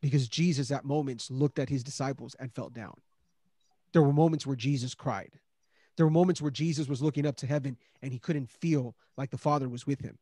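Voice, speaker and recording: A man's voice: medium pitch, a little fast, warm tone, dry recording, clean studio sound. A man hosting a Christian discussion, speaking earnestly with many restarts and rising emphasis on key points. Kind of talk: casual faith discussion.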